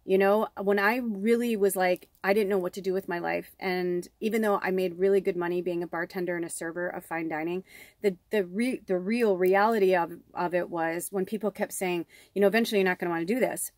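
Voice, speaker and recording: A middle-aged woman from Chicago's south suburbs, USA, works as a tarot reader and medium, giving a casual spiritual reading full of tangents and free swearing. Her voice is fairly low and darkish, brisk and fairly even in intonation, in a dry recording.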